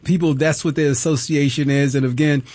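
A man's voice: a little high, steady tone, brisk, a little mellow. A man hosting a college radio interview in an easygoing, affirming way. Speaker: radio host.

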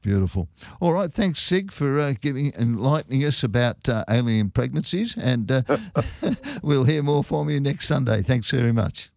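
A male radio host chats and signs off in an easy, relaxed manner. His voice is gravelly, and the studio sound is dry and close. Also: mid-range voice, normal speed, no room sound. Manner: relaxed, friendly sign-off chat. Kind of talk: community radio presenting.

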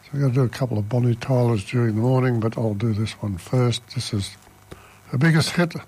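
A man's voice: mid-range voice, fairly quick, a little mellow, slightly rough. A man hosting community radio in casual chat, rambling and self-deprecating, stumbling over his words. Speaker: radio host.

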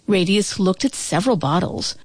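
A woman reading a children's picture book aloud in a slow, expressive, sing-song way. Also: mid-range voice, breathy edge, dry recording. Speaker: narrator. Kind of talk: children's storybook read-aloud.

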